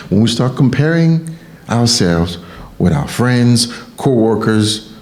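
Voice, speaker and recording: A man from Haiti with a Haitian accent, giving an emphatic motivational sermon and repeating key phrases for effect. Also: fairly low pitch. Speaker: motivational speaker.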